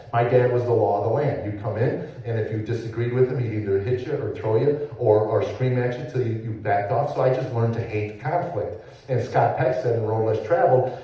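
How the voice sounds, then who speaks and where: A middle-aged man shares his testimony from a church stage, halting and repeating himself as he goes. His voice sits at an ordinary pitch. It rings through a very echoey sanctuary, picked up from some distance away. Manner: halting, repeats words, swings from hushed to loud. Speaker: testimony speaker, former comedian. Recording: echoey church hall, mic far off.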